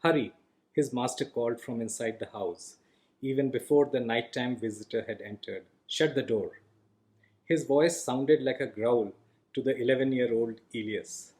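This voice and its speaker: A man reading his own fantasy novel aloud in calm, measured audiobook narration. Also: medium pitch, poor audio.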